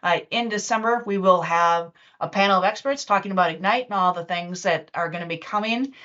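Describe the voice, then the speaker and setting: A woman with a somewhat low voice talks through a live software demo, loose and chatty, with plenty of ums and restarts. The sound is dull and lo-fi, like an online meeting. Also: fairly quick. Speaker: webinar presenter and user group organizer. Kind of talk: casual live webinar demo.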